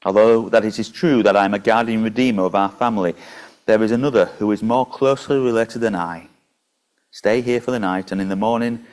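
A man's voice: lowish voice, darkish tone. A man preaching a sermon and reading scripture aloud in a conversational way, with small slips and restarts.

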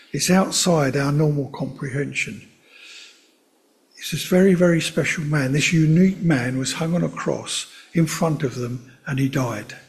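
A man giving a sermon in a gentle, conversational way, with chatty asides to his listeners. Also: on the high side. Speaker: preacher.

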